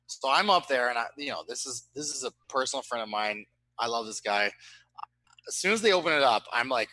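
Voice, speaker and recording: A young man casually telling a long anecdote over a remote call, animated and profane, often tagging on "right?". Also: mid-range voice, brisk, no echo, rough recording. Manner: animated, profane, with frequent tag questions.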